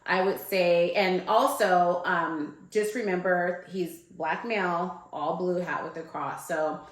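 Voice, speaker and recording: A woman with a lowish voice tells a story in a relaxed, rambling way, sprinkling in "like" and "um". Her voice rings with the echo of the room around her. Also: takes it slowly. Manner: loose and chatty, full of "like" and "um". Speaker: guest. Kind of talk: casual storytelling. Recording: echoey room.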